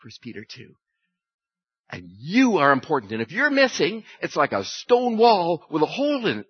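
Animated man preaching a sermon. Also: normal speed, breathy edge, no room sound, muffled recording. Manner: animated storytelling, acting out voices with big pitch jumps. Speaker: pastor. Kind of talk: Easter sermon.

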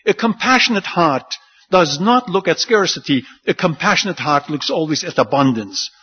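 An animated pastor with a lively pitch delivers a sermon at a moderate pace, his voice carrying a breathy edge. He acts out the disciples' lines with rising pitch, and the audio has a dull lo-fi quality.

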